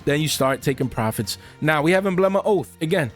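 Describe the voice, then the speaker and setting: A man giving casual, animated commentary on the card market to his viewers, full of slang and asides to "guys". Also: on the high side, a little fast, soft background music.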